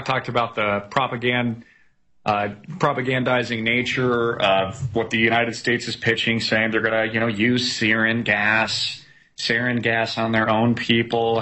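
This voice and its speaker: A man's voice: medium pitch, little pitch movement, measured pace, pushed and bright. A man hosting a casual news commentary show, reading headlines aloud with many fillers and sarcastic asides.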